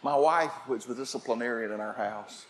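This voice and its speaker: An older man preaching a sermon, telling family stories and shifting from shouts to quiet asides. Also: medium pitch, a little fast, a little hiss or hum. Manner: storytelling preacher, swings from shouting to hushed. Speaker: pastor.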